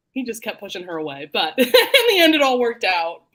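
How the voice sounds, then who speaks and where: Lively, laughing book club host. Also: female voice, fairly high pitch. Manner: laughs often, Southern "y'all". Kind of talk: casual chat.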